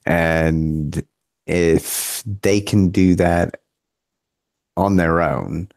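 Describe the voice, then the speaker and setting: A man guesting on a casual podcast, animated and quick to disagree. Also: sits low, no echo. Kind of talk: casual discussion.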